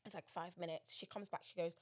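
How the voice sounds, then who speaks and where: A woman co-hosting a podcast in casual chat, telling a story with lively acted-out quotes. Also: lowish voice, a little fast. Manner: animated storytelling, acts out quotes. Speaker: podcast co-host.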